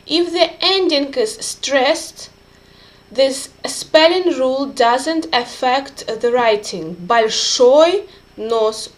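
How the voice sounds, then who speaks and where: A woman teaching a beginners' grammar lesson, carefully spelling out word endings and repeating example words. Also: sits high. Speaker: Russian language teacher.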